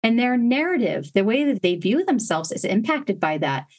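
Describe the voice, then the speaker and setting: A woman hosting a parenting podcast, explaining discipline steps in an earnest, step-by-step way with gentle emphasis. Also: on the high side, big pitch swings, normal speed. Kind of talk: instructional podcast talk.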